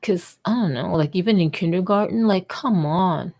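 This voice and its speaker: Rambling low-voiced woman livestreaming. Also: moderate pace, a little mellow. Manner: rambling, self-interrupting, casual and jokey. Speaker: vlogger and livestream host. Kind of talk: casual livestream while typing. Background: keyboard typing.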